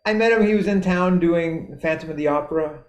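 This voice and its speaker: A man's voice: on the high side, fairly quick, echoey room, lo-fi sound. A middle-aged man with a Canadian accent, chatting as a podcast guest in a rambling, self-interrupting way with frequent laughs. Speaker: guest musician. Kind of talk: casual podcast chat.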